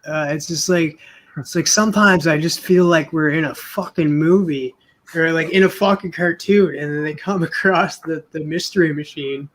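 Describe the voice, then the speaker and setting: Casting: rambling podcast host, man, a bit high-pitched, loose and casual. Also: moderate pace, a little hiss or hum. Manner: rambling, lots of fillers and swearing.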